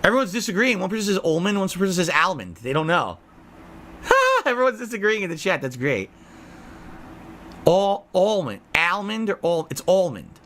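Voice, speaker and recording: A man's voice: sits high, fairly bright tone, a little hiss or hum. A man hosting a live-stream podcast who chats casually with his viewers, reading out their messages and answering them with blunt sarcasm.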